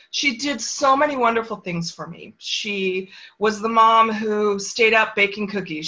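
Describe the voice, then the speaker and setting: A woman's voice: mid-range voice, bright, forceful tone, muffled recording. A middle-aged woman, an author and interview guest, telling a personal story in a reflective, earnest way. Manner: reflective, earnest, with brief quoted voices.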